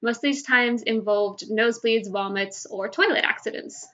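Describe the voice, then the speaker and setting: A woman's voice: fairly high pitch, moderate pace, bright, forceful tone. A woman hosting a live game show from home, chatty and giggly as she tells stories. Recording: dull lo-fi livestream audio.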